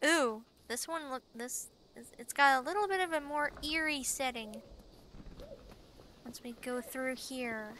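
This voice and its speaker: A woman casually commenting while she plays a game, chatty and excitable, often giggling. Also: high voice, unhurried, a little hiss or hum. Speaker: gameplay channel host. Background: game music.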